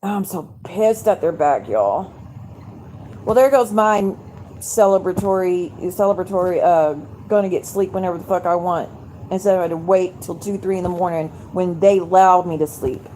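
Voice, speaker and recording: A woman's voice: lowish voice, steady tone, brisk, mellow, a little hiss or hum. Angry woman ranting on a live stream. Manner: angry, profane, rambling rant to viewers. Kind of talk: venting casual live stream. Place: home at night.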